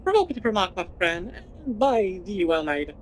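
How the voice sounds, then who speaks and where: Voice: medium pitch, sing-song, normal speed, slight background noise, close to an everyday voice, rough recording. A woman voicing a lodging-house keeper from a video game who talks in stilted, archaic formal English. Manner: stilted, old-fashioned phrasing. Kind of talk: reading game dialogue aloud in a put-on voice.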